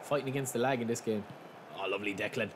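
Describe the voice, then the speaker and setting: Excitable young man commenting on gameplay. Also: mid-range voice, fast. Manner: chatty, swings to loud excited shouting. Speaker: gaming channel host. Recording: steady background noise.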